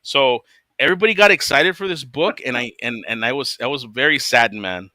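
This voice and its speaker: A man's voice: medium pitch, a little fast, pushed and bright, dry recording. A man hosting a casual chat, ranting with lots of swearing and laughing often. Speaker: podcast host.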